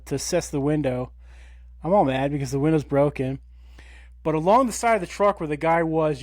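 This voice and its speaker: A man in his thirties, a podcast co-host, telling a story in a casual, animated way, swearing and acting out quotes. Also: fairly high pitch, no echo. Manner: animated, profane, acts out quotes.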